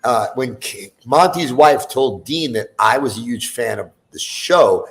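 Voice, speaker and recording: Gravelly-voiced man telling a rambling story. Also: mid-range voice, expressive, a little slow. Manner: profane, rambling storyteller with many fillers. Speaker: guest musician. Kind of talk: casual storytelling in a chat show.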